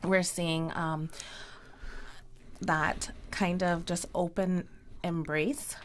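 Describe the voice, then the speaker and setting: A woman's voice: lowish voice, flat delivery, extremely slow, slight background noise. Caymanian woman explaining speech therapy. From Cayman Islands. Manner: clear, instructive, warmly encouraging. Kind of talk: explanatory radio interview.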